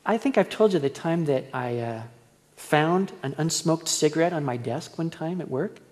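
A man's voice: fairly high pitch, lively intonation, moderate pace, darkish tone. A male pastor preaching a verse-by-verse sermon in a conversational, storytelling way. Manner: conversational storytelling, acts out quoted voices. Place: church hall. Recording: long church reverb.

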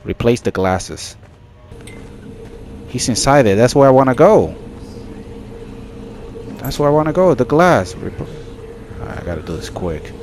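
A man giving casual let's-play commentary on a horror game, excitable and jokey, with frequent startled exclamations. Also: medium pitch, unhurried, long pauses, slight background noise. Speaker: gaming channel host.

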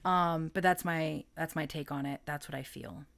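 A woman's voice: low-pitched, steady tone, moderate pace, vocal fry, a bit bright. A woman giving a casual, chatty tarot reading, rambling, self-correcting and often breaking into laughter. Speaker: tarot reader.

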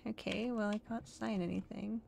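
A woman plays through a video game, reading its narration aloud and adding playful remarks. Her mid-pitched voice has a gravelly fry, and a faint hiss sits in the background. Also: fairly even intonation, normal speed, a little mellow. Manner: playful, reads game text and jokes along. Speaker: let's play host. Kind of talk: casual game playthrough with read-aloud narration.

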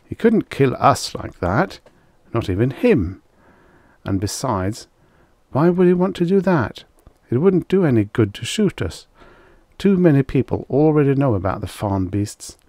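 A man voicing a nervous young male hunter who keeps talking himself into calm. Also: mid-range voice, a little slow, dry recording, voice pushed up.

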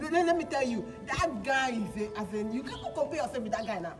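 Nigerian actress for a comedy skit, high and animated, pleading and playful. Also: female voice, fast, recorded from a distance. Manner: pleading, playful, laughing often. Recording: echoey room with loud music behind.

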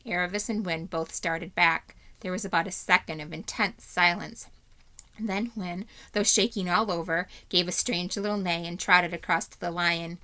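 A woman teacher reading a children's novel aloud in steady, clear storytelling narration. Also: fairly low pitch, normal speed.

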